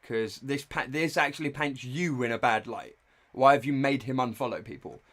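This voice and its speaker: A young man reacting live on stream, in a middle-pitched voice. He talks in a loose, irreverent and blunt way, like live commentary. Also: moderate pace, fairly bright tone.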